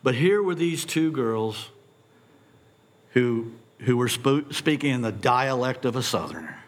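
A middle-aged man preaching a sermon, posing animated rhetorical questions and stumbling over repeated words when excited. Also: mid-range voice, unhurried. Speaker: pastor.

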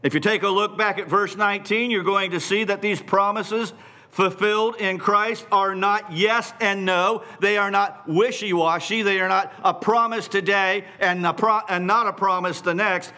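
A man preaching a sermon in a deliberate, emphatic way, repeating phrases for stress. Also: high-pitched, fairly even intonation, sharp tone.

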